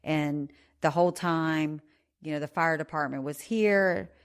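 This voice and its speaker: A woman podcast host casually retelling a personal story in a rambling, animated way. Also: sits low, measured pace, clear, resonant tone.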